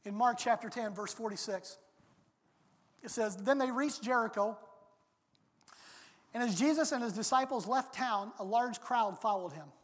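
A preacher delivering a sermon in an emphatic way, now and then bursting into loud, dramatic quotes, recorded in a large church sanctuary. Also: medium pitch. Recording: long hall reverb.

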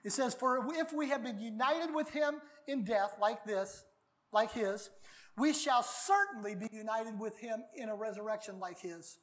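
A middle-aged male pastor preaching a baptism sermon in a folksy, animated way, sometimes breaking into shouts. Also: very high-pitched, normal speed.

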